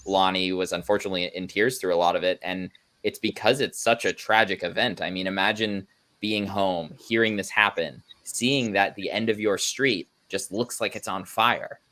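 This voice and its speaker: A man's voice: low voice, fairly even intonation, moderate pace, pushed and bright. A man speaking as a journalist guest in an interview, explaining in an earnest way. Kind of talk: remote interview conversation.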